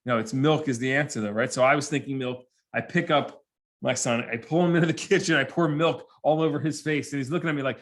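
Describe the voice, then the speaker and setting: A man giving a humorous motivational presentation to students, telling lively stories and acting out the people in them. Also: mid-range voice, fast. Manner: animated storyteller who acts out characters. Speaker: motivational speaker.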